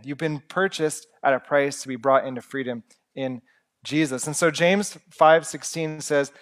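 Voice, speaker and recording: A young man preaching a sermon in an earnest, conversational way with humorous asides. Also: a little high.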